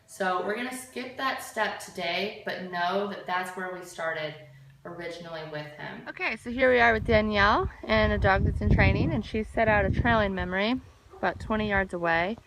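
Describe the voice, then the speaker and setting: A woman dog trainer giving a steady, explanatory lesson outdoors in a field. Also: medium pitch, normal speed, noisy background. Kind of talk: instructional narration. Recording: echoey, from far off.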